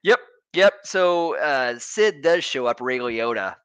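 A man co-hosting a casual movie-review podcast, talking in a halting way with many restarts. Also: medium pitch, animated, fairly bright tone, smooth, dry recording. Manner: halting, restarts and repeats words. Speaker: podcast co-host.

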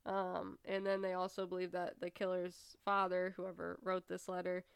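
A woman's voice: lowish voice, completely flat delivery, normal speed, gravelly, clean tone, dry recording. A young woman co-hosting a casual podcast, laid-back and thinking aloud, her talk full of "like" and "I don't know". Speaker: podcast co-host. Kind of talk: casual true-crime chat.

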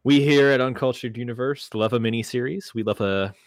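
A man's voice: medium pitch, brisk, dry recording. A man hosting a casual podcast where two friends show each other films, joking at his own slips. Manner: self-deprecating, restarts intro. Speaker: podcast host.

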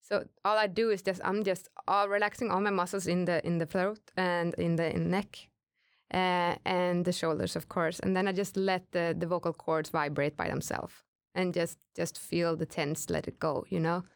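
Low-voiced woman singer, chatty. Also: normal speed, clear, resonant tone, dry recording, clean studio sound. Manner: relaxed, chatty, many fillers and restarts. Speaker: rock singer, interview guest. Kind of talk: casual interview chat.

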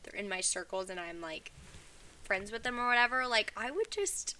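A woman's voice: mid-range voice, a little fast, sharp tone, far from the mic, slight background noise. A woman co-hosting a casual chat podcast, talking loosely with lots of "like" fillers. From not from the US South. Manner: chatty, many "like" fillers. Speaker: podcast co-host.

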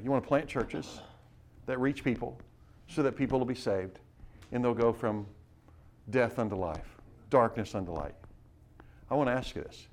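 A man preaching to a missionary class, urging his listeners with rapid rhetorical questions and frequent restarts. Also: mid-range voice, darkish tone. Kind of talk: sermon-style teaching.

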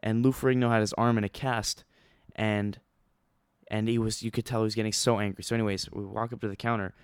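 Young man, low-pitched, smooth voice, rambling excitable storytelling, close dry mic. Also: fast, dry recording. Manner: rambling, excitable, many fillers and restarts. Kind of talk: casual storytelling vlog.

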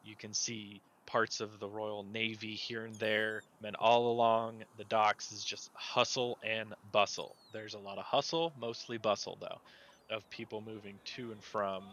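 A man narrating a tabletop game as game master, in a relaxed, rambling way. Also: fairly low pitch, a little slow.

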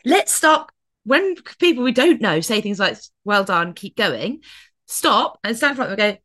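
A woman's voice: a little high, very animated, moderate pace, fairly bright tone. A woman co-hosting a podcast in casual chat, playful and swearing freely as she acts out mock rants. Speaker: podcast co-host.

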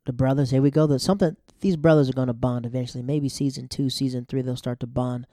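A man's voice: medium pitch, steady tone, quick pace, warm tone, no echo, studio quality. A man casually recapping a TV episode in a chatty, slangy way, now and then acting out the characters' lines.

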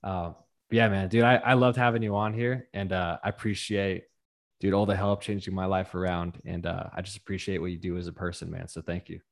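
A man's voice: deep voice, a little fast, gravelly. Laid-back male podcast host. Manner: relaxed, agreeable, loose filler words. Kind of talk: casual conversation.

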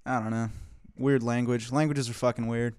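A man's voice: medium pitch, level tone, moderate pace, darkish tone, smooth. A young man co-hosting a podcast, talking casually in a crude, offhand way with hesitant fillers. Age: young adult. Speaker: podcast co-host. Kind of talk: casual chat.

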